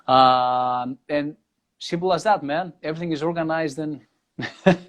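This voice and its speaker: A man's voice: a little high, unhurried. A man from Greece with a Greek accent, a guest guitarist speaking English in a casual interview, earnest and thankful, often restarting his sentences. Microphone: video call or live stream.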